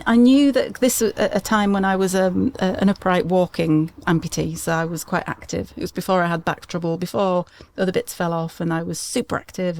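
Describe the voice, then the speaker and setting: A middle-aged woman with a slightly low speaking voice, relaxed in a casual interview. She rambles through her stories with many restarts and laughs often, chatty and open. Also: gravelly, no room sound. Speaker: podcast guest.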